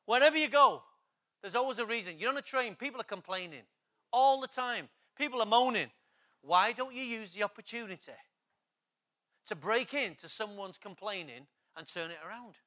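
High, forceful preacher. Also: male voice, animated, moderate pace. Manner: urgent, exhorting preacher, building to loud emphatic passages. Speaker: pastor. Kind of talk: sermon.

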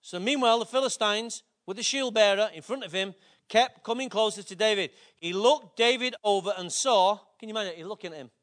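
A man, preaching a sermon with animated storytelling that builds to shouts. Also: high voice, brisk.

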